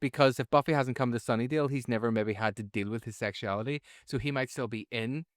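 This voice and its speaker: A man's voice: mid-range voice, quick pace, no echo, studio quality. A man with a Northern Irish accent co-hosting a podcast, cheeky and bawdy in casual chat. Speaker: podcast co-host.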